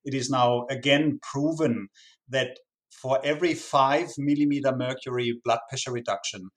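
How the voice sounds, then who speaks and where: A man speaking as a medical expert guest on a podcast. He talks earnestly at a middle pitch, often repeating a word as he gets a phrase going. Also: fairly even intonation, normal speed. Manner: earnest, repeats words when starting phrases. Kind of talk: podcast interview.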